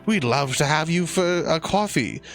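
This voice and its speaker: A man putting on squeaky, meek little pigs. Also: expressive, normal speed, a bit bright, faint music behind. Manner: high, sweet and apologetic. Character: meek hospitable little pigs who run a coffee shop.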